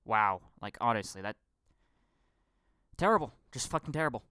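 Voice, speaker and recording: A man's voice: medium pitch, animated, normal speed, pushed and bright, smooth, no room sound, studio quality, soft background music. A young man ranting casually about film acting, stammering, repeating himself, swearing often and acting out mocking impressions. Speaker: film commentary vlogger. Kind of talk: casual profane rant.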